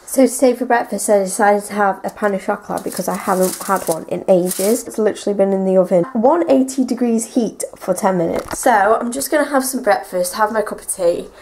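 A woman's voice: mid-range voice, a little fast, hardly any pauses, a little mellow, a little hiss or hum. A young woman vlogging her day at home, rambling in a casual, chatty way with lots of fillers. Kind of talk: casual daily vlog. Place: home, indoors and garden.

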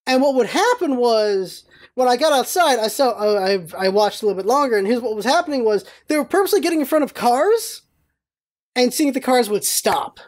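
A woman hosting a casual vlog, telling stories in an animated, rambling way with exclamations and some swearing. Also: a little high, brisk. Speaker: vlog host.

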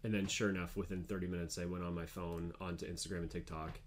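Low-voiced, rambling male podcast host. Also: flat delivery, fast, slight background noise. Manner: rambling, with fillers, laughs at own jokes. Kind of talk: casual chat.

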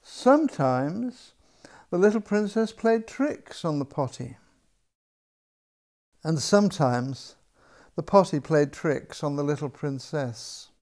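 An older man, an author reading his own picture book aloud in a gentle, unhurried storybook manner. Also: fairly high pitch, expressive.

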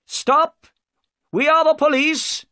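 A man's voice: sits high, sing-song, unhurried, no echo, studio quality, pitched above the performer's own voice, heavily acted. A man voicing a humbled middle-aged police inspector in a read-aloud story, polite and apologetic. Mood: shouting.

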